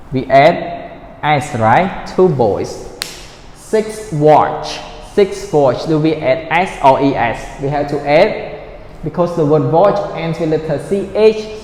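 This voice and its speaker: Slow, patient male teacher. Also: fairly high pitch, a little mellow. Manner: slow, patient, drills words and repeats them; ends points with a checking "right?". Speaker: English teacher. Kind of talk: recorded grammar lesson for children. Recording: roomy echo, long reverb, faint noise.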